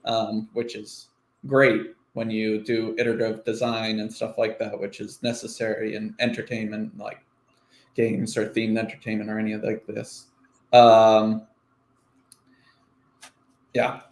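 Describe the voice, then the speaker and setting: A man's voice: lowish voice, monotone, a little slow, pauses often. A man on a live-stream panel, talking in a rambling, encouraging way with many fillers. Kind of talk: casual panel talk. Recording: echoey room.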